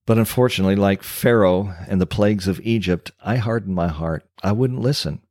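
A man in his sixties, a former pastor and ministry coach, giving an earnest personal testimony with slow, emphatic pauses. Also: lowish voice, darkish tone, dry recording, studio quality.

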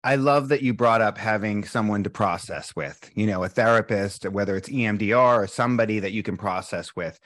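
Animated man, dry close sound. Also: on the low side, fairly quick, few pauses, no room sound. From Boston, USA. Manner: animated storytelling, candid and emotional, acts out quotes. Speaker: breathwork instructor, podcast guest. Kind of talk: casual interview chat.

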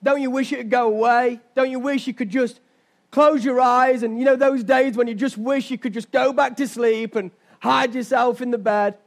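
A man's voice: very high-pitched, fairly even intonation, normal speed. A young man preaching a sermon as pastor, telling stories and asking his listeners rhetorical questions. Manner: conversational storytelling with rhetorical questions.

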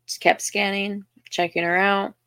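Chatty Southern woman with a gravelly edge. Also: medium pitch, little pitch movement, a little slow, sharp tone, no room sound, clean studio sound. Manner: chatty, self-deprecating, frequent restarts and ums. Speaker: podcast host. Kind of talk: casual storytelling monologue.

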